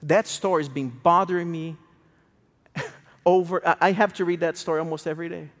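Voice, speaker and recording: Male preacher, high-pitched, emotional storytelling sermon, long hall reverb. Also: steady tone, brisk. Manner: emotional, swings from hushed to raised.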